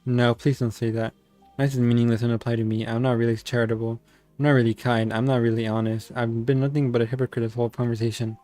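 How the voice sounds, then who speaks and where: Brief: a man doing a soft, earnest young woman for a visual novel, pleading and apologetic, in an even, low tone with a dry sound. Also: quick pace, no echo, faint music behind, natural voice. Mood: self-critical.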